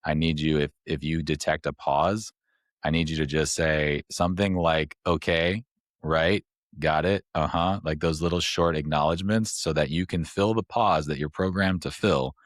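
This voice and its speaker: A man's voice: extremely low pitch, fairly even intonation, moderate pace, dry recording, clean studio sound. A man hosting a podcast, explaining things at length in a rambling, casual way. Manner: rambling, explains step by step with fillers. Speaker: podcast host.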